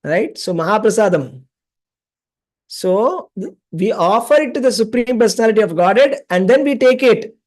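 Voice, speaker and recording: A man who is a spiritual teacher speaks in a high, expressive voice with a darkish tone at normal speed. Teaching a scripture class, he tells stories, acts out the dialogue, repeats himself and often asks the class questions to check in.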